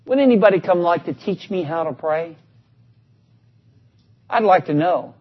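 A high-pitched man, preaching an animated sermon. He shifts between plain talk to the congregation and scripture read aloud. The recording sounds dull and lo-fi. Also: measured pace, pauses often, husky.

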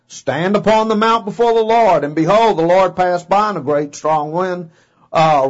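High-voiced folksy preacher, dull lo-fi sound. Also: male voice, husky. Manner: folksy, emphatic, acts out voices and paraphrases scripture. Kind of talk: sermon. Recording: dull lo-fi recording.

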